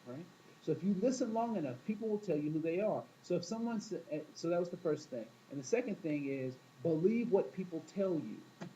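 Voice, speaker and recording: Male teacher, mellow voice, chatty storyteller who quizzes the class, dull lo-fi classroom recording. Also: high-pitched, animated, brisk, slight background noise. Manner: storytelling, asks the class questions, acts out quoted voices. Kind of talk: classroom talk to students.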